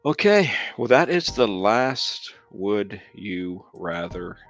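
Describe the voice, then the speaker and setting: A man with a lowish voice, very animated yet slow, hosts a relaxed live stream, reading viewers' comments out loud and rambling with many ums. The audio is dull and lo-fi, with faint music in the background.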